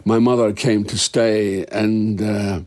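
A man with a fairly low voice speaks in a candid interview. He is an actor, looking back on things thoughtfully and frankly, and now and then lets out a soft laugh. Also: level tone, takes it slowly.

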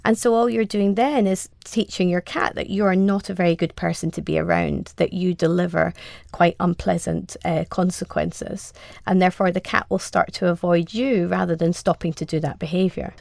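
A woman who is a cat behaviour expert, calmly explaining training in an interview, step by step with examples. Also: fairly low pitch, normal speed, vocal fry, no room sound, studio quality.

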